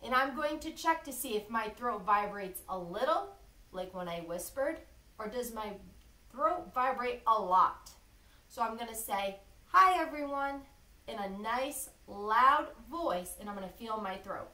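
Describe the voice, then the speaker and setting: A woman teacher reading a lesson to young children, slow and clearly enunciated, encouraging them to repeat after her. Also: fairly high pitch, expressive, sharp tone, distant mic. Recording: echoey room, a bit off-mic.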